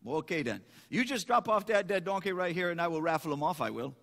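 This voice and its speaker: A man's voice: fairly high pitch, lively intonation, fast, vocal fry, a bit bright, voice pushed down. A preacher voicing a cunning, cheerful Cajun man in a joke, with an attempted Cajun drawl. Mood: sly. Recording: echoey hall.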